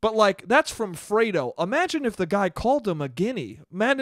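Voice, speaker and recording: A young man with a high, light voice rants alone on his comedic podcast, swearing freely, staying animated, and laughing at his own jokes. He talks a little fast with few pauses, and the sound is dry and close with no room around it.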